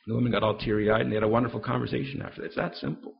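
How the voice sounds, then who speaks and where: Fast-talking gravelly man preaching. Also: medium pitch, fairly even intonation, lo-fi sound. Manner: fast storytelling, acting out quoted dialogue. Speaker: Christian speaker. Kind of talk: live talk to an audience.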